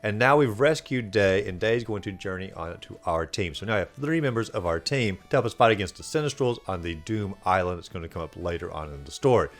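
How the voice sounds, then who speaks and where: A man's voice: deep voice, expressive, brisk, few pauses. A man hosting a video game playthrough recap, talking in a casual, rambling way with lots of fillers. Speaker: host.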